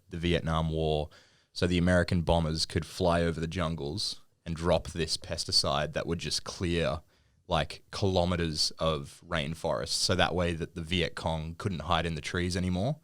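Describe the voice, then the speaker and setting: A man with a low, steady voice explains things earnestly and at length, mixing in some slang. He is in casual podcast talk, recorded dry and close. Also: normal speed, no room sound. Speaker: podcast co-host. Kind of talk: casual chat.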